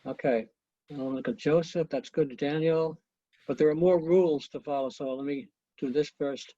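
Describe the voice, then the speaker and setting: Husky man teaching conducting over a call. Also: fairly high pitch, steady tone, moderate pace, dark tone, no echo. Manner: coaching, counting beats aloud, chatty asides. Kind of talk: online conducting lesson. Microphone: video call. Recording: muffled lo-fi video call audio.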